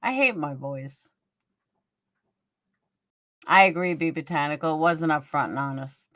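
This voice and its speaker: A woman's voice: low voice, a little slow, fairly bright tone, no echo, clean studio sound. A woman hosting a casual livestream, blunt and profane, gossiping and answering viewers by name. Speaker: livestream host. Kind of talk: casual livestream chat reading viewer comments.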